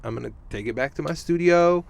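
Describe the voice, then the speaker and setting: A man voicing a calm, matter-of-fact male artist in a retold anecdote. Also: on the high side, fast, vocal fry, pitched above the performer's own voice.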